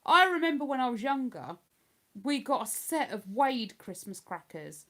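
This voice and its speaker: A woman's voice: high-pitched, big pitch swings, moderate pace, sharp tone. An older woman from Hertfordshire with an accent between posh and London, chatting casually on a livestream and answering viewer comments. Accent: Hertfordshire English, between posh and London. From Hertfordshire, England. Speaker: livestream host.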